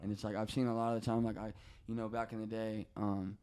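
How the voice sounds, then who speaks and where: This man has a lowish, warm, clean voice with a flat delivery and a quick pace. Appearing as a podcast guest, he shares personal stories casually and emotionally, rambling with heart, cursing a lot, and frequently restarting sentences.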